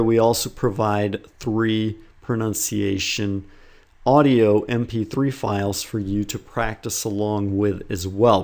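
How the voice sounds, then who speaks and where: A man's voice: fairly low pitch, a little mellow. A man teaching English pronunciation, explaining steps in an earnest, encouraging way and speaking directly to learners. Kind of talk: instructional talk to learners.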